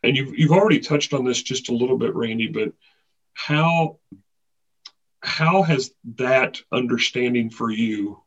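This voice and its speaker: A male interview host with a raspy, husky voice asks meandering questions that he works out as he goes. The recording sounds dull and lo-fi. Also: medium pitch, a little slow. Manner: meandering, searching questions with fillers.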